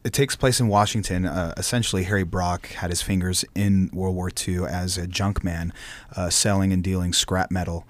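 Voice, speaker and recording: Low-voiced actor chatting loosely. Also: male voice, steady tone, moderate pace, no room sound. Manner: rambling, many fillers and restarts. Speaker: stage actor. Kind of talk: casual interview chat.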